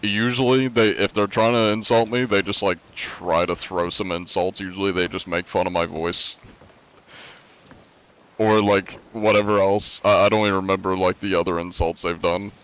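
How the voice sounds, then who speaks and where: A young man with a very low, stuffy voice talks to his stream in a relaxed, meandering way. His nose is congested, and the sound is a bit dull and lo-fi. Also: normal speed. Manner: laid-back, rambling, answers chat between thoughts. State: congested from allergies. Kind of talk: casual live-stream chat.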